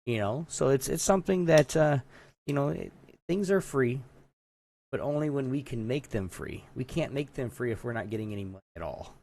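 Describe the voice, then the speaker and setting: A man co-hosting a casual podcast, wandering through a story with many asides. His voice sits in an ordinary middle pitch. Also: animated, normal speed, gravelly, a little mellow, slight background noise. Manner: rambling storyteller, lots of filler and restarts. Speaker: podcast co-host. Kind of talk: casual chat.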